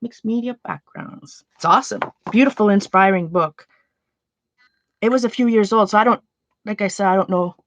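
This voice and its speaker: A woman's voice: medium pitch, moderate pace, slight background noise. A woman chatting casually as she sorts her art supplies, rambling, trailing off and restarting her sentences. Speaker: art journaling vlogger. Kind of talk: casual chat while sorting art supplies.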